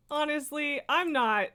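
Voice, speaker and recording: A woman's voice: high-pitched, bright, forceful tone. A woman live-streaming, reading a nonfiction book aloud with casual, laughing asides and sudden sweary outbursts.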